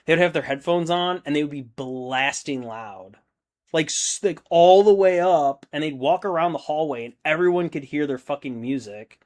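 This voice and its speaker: A man's voice: a little high, moderate pace, darkish tone. A man in his thirties hosting a hobby stream, chatting casually and reading out viewer comments, rambling and swearing freely. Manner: laid-back, rambling, swears a lot.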